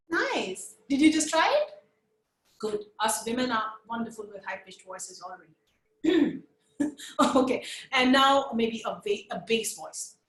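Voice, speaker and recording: A puppetry trainer with an Indian accent leads a webinar lesson in a slightly high, expressive, fairly bright voice, unhurried in pace. She switches between English and Hindi mid-sentence, encourages listeners to try voices with her, and demonstrates them with bursts of laughter. The low-quality recording has an echoey room sound.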